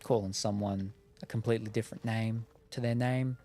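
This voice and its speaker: A man's voice: lowish voice, steady tone, fairly quick, dark tone, soft background music. Rambling Australian man streaming a game. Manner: rambling, lots of ums, jokey. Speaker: gaming streamer. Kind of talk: casual chat while gaming.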